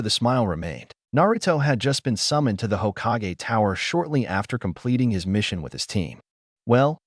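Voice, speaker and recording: A man reading a fan story aloud as narrator, with wry, animated storytelling. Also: medium pitch, no echo, clean studio sound.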